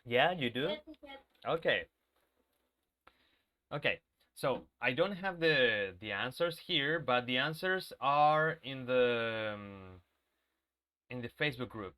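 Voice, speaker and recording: A man's voice: mid-range voice, lively intonation, slow, pauses often, pushed and bright. A male English teacher with a sore throat, leading a live online class and patiently checking in with students. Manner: patient, checks in with students, repeats key points.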